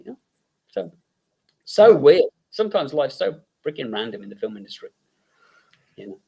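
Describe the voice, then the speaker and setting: A man's voice: on the high side, very animated, moderate pace, long pauses, warm tone, husky. An English man, a guest makeup effects artist, telling long rambling anecdotes full of fillers and acted-out quotes.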